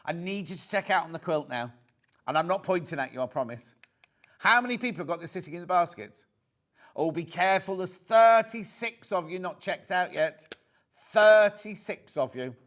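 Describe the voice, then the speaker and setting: A man's voice: sits high, animated, normal speed, fairly bright tone. A British man presenting on a live shopping channel, chatty and prone to repeating words as he reads out viewer messages.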